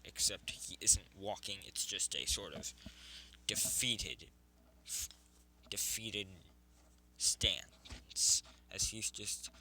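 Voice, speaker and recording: Man, fan story narrator, slow rambling delivery, bright tone, self-correcting. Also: low-pitched, slight background noise, poor audio.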